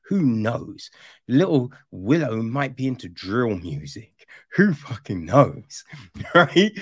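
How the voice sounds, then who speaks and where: A man's voice: medium pitch, no echo, clean studio sound. Sarcastic, sweary man ranting unhurriedly. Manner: sarcastic, incredulous, swears freely; rambling with restarts and frequent "right?". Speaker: film reviewer. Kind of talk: casual spoken review.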